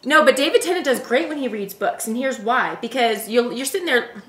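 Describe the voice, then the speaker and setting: A woman's voice: on the high side, animated, a little fast. A woman co-hosting a casual podcast, bubbly and enthusiastic. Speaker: podcast co-host. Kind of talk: casual chat. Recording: echoey room with faint noise.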